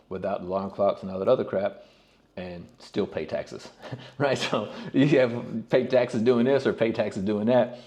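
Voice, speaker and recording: A man's voice: low-pitched, dark tone. A man in his forties from Kentucky with a faint Southern accent, answering viewer questions in a blunt, casual vlog. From Kentucky, USA. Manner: blunt, plain-spoken, laughs things off.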